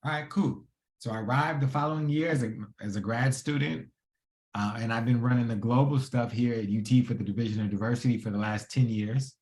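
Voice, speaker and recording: A man in his thirties, a podcast guest telling his story in a lively, casual, slangy way. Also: medium pitch, a little fast. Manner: animated, acts out quoted dialogue in a casual slangy way. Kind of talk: conversational storytelling. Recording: roomy echo.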